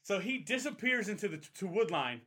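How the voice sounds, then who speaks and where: A young man's high-pitched, brisk voice carries a breathy edge. Telling a long story to friends in casual podcast chat, he swears often and animatedly acts out the voices of those involved.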